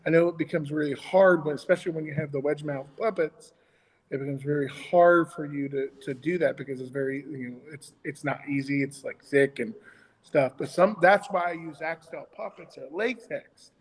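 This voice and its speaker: A man's voice: fairly high pitch, moderate pace, long reverb tail, rough recording. A man co-hosting a casual chat about children's ministry puppetry, talking in a rambling way with many restarts.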